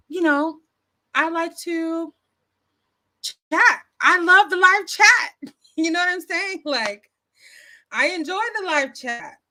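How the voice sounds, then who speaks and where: Chatty bright-voiced woman vlogger. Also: high-pitched. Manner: chatty, animated, frequent fillers and restarts. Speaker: YouTube commentary vlogger. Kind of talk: casual storytelling to camera. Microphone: phone.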